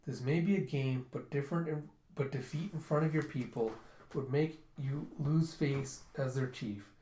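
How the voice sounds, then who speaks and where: A man voicing a calm, easygoing young king, soft and unhurried. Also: medium pitch, a little hiss or hum, natural voice. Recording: roomy echo.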